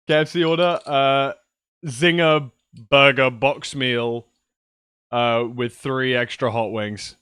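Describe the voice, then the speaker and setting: A man's voice: mid-range voice, steady tone, slow pace, pauses often, fairly bright tone, smooth, dry recording, clean studio sound. A young man rambling casually to his viewers on a livestream from his computer, swearing now and then. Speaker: streamer. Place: at home at a PC.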